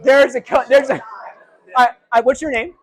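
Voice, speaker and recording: A man giving a live motivational keynote, energetic and interactive, calling out to a big audience in a large hall. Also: very high-pitched, normal speed. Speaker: keynote speaker.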